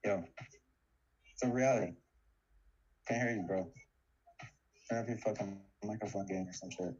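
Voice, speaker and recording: A man in loose, joking banter, mock-formal and quick to swear. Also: on the low side, darkish tone, lo-fi sound.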